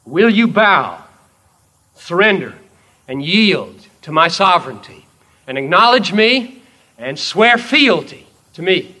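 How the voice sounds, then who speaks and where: A man preaching, voicing Jesus as a calm, commanding king in a solemn, measured way. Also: high-pitched, pitched above the performer's own voice, exaggerated voice.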